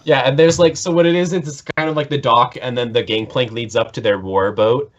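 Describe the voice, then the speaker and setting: A man's voice: medium pitch, steady tone, brisk. A man narrating as game master for a tabletop game, rambling and piling up "like" and restarts as he sets the scene. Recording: dull lo-fi recording.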